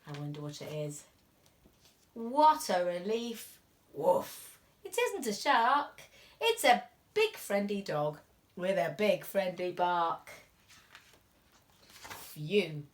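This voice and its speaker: A woman teacher reading a picture book aloud to young children, animated and expressive, dropping to whispers at tense moments. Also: lowish voice, slow, pauses often. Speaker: reception class teacher.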